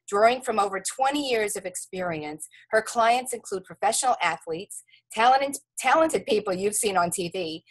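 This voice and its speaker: A woman's voice: medium pitch, poor audio. Enthusiastic woman hosting an interview. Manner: enthusiastic, effusive. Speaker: interview host. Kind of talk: interview conversation.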